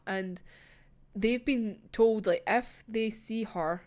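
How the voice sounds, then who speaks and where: Chatty, animated Scottish young woman. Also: on the high side, moderate pace. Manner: animated, gushing, swears freely. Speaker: manga reviewer. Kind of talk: casual chat.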